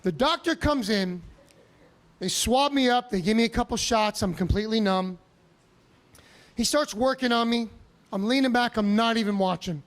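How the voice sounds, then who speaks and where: A male stand-up comedian telling a story on a comedy club stage, animated, profane and self-mocking. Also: sits high, normal speed, long pauses.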